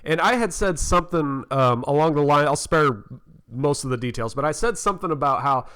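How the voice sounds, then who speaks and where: A man in his thirties co-hosting a casual podcast, telling an animated story and laughing often. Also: a little high, a little fast, smooth. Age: 30s. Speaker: podcast co-host. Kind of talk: casual chat. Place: living in North Carolina.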